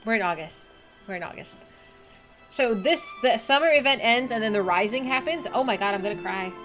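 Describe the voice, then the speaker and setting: A woman streaming a game, chatting casually in an excitable, emotional way. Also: on the high side, brisk, soft background music. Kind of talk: casual gameplay chat.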